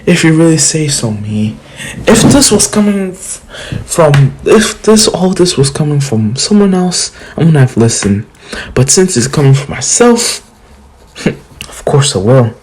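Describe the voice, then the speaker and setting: A man voicing a boastful male sand-spirit beast in a retold fan story, speaking in high, squawking retorts. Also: sing-song, a little slow, darkish tone, slight background noise. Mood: bragging.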